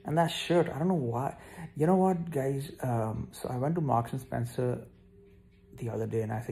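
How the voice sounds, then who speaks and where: Young male vlogger, gravelly and relaxed, scattered and self-deprecating, talking straight to viewers, tired. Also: mid-range voice, moderate pace, a little hiss or hum. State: yawning, tired. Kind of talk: casual rambling vlog to camera.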